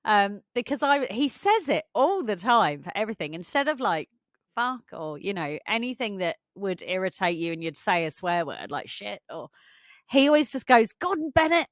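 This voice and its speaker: A woman's voice: medium pitch, very animated, normal speed, no room sound, studio quality. A woman co-hosting a podcast, chatting casually and laughing often as she tells stories. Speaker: podcast co-host. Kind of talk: casual chat.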